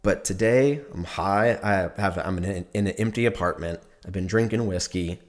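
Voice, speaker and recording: A man's voice: low-pitched, moderate pace. A young man telling a rambling, profane story in a casual monologue, laughing often as he goes.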